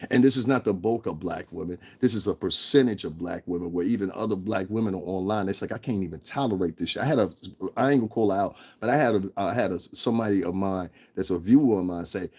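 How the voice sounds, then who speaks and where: A man's voice: sits low, fast talker, darkish tone, breathy edge. A man ranting in a profane, blunt commentary vlog, stressing his points and laughing between them. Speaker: vlogger.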